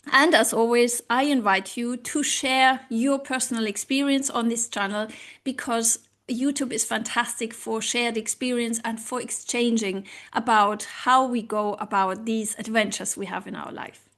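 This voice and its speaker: Woman language coach, a touch high-pitched, non-native English accent, earnest and casual to camera. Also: fairly even intonation, fairly bright tone. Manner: earnest, pauses to search for words.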